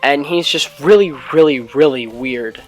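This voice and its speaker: A teenage guy with a somewhat high voice rambles through a casual vlog story, packing every phrase with filler words and offhand swearing. Faint music plays underneath. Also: a little slow. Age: late teens, high school student. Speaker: YouTube gaming vlogger.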